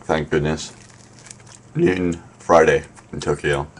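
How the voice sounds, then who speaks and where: A man's voice: very deep voice, steady tone, takes it slowly, slight background noise. A man hosting a casual live stream from his room, rambling with lots of fillers and a wry tone. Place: apartment in Tokyo.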